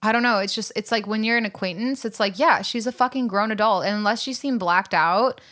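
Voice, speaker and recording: A woman's voice: mid-range voice, fairly quick, a bit bright. A young woman co-hosting a podcast, chatting casually, laughing often and swearing freely. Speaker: podcast co-host. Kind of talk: casual chat.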